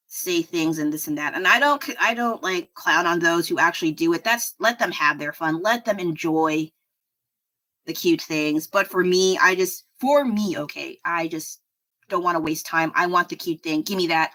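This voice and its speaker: A woman's voice: lowish voice, sharp tone. A middle-aged woman chatting casually while she draws on a livestream, rambling and self-deprecating, laughing often. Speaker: artist streaming a drawing session. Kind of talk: casual chat while drawing.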